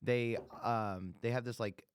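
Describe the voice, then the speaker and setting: A man's voice: medium pitch, fairly even intonation, measured pace, slight background noise. A man co-hosting a podcast in casual chat, laid-back and agreeable as he reacts and weighs in. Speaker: podcast co-host.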